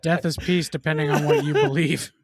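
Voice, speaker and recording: A man in his thirties talks casually on a podcast and drops dry, deadpan remarks. He speaks in a flat, even tone with little rise and fall. The sound is dry and close. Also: a little high, fairly quick, dry recording. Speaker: podcast co-host. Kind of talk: casual chat.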